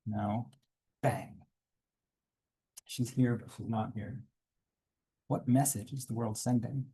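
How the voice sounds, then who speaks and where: A man reading aloud from his own graphic memoir at a conference panel, quiet and reflective, with small asides to the audience. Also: medium pitch, steady tone, slow pace, breathy edge. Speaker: comics artist reading his work at a panel.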